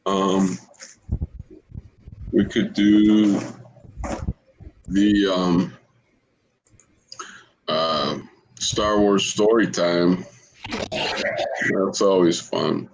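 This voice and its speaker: A man's voice: deep voice, fairly even intonation, very slow, pauses often, a little hiss or hum, rough recording. A man co-hosting a podcast in casual chat, talking hesitantly with many fillers. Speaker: podcast co-host.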